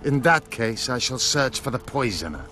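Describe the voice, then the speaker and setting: A man's voice: mid-range voice, sing-song, moderate pace, sharp tone, soft background music. An actor playing a witty male companion in a fantasy game who makes wry quips. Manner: wry and quippy.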